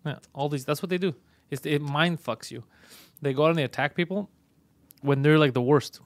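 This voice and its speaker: A man's voice: a little high, fairly quick, dry recording. A man hosting a comedy podcast, teasing and swearing his way through casual chat on a studio mic. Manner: crude, teasing, heavy swearing. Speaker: podcast host.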